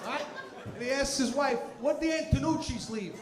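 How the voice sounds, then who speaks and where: High-voiced comedian shouting punchlines onstage. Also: male voice, moderate pace. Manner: animated, shouting punchlines, crowd work. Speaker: stand-up comedian. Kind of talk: stand-up comedy set. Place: live comedy stage before an audience. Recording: echoey venue with loud crowd noise.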